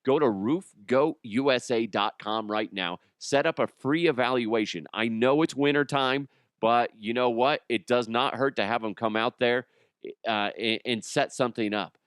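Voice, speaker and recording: A man hosting a comedy podcast, talking in a rambling, jokey way and slipping into quick impressions. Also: mid-range voice, fairly bright tone, smooth, no room sound, studio quality. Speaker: podcast host. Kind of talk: casual comedic monologue.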